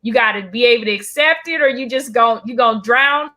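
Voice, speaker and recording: A woman's voice: fairly high pitch, fairly quick. A young woman stand-up comedian telling a story in casual chat, acting out the people in it. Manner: animated, acts out voices when retelling a story.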